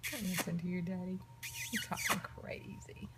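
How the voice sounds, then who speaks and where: A young mother coaxing her baby in gentle baby talk, often dropping to a half-whisper. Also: fairly low pitch, lively intonation, moderate pace, very noisy.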